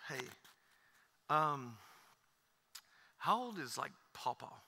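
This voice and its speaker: A man preaching in a church quotes his blunt, practical seven-year-old son in a quiet voice. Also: on the high side, very animated, slow, vocal fry, breathy edge, in a large hall, voice pushed down, heavily acted. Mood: curious.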